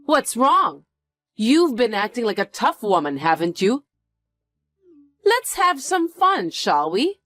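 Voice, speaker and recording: A woman acting out a condescending rich woman in a drama, taunting those below her in a lively, swooping voice. She speaks slowly and deliberately. The recording is dry and close, with faint music underneath. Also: fairly high pitch, dry recording, full character voice. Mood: mocking. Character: snobbish, mocking wealthy woman.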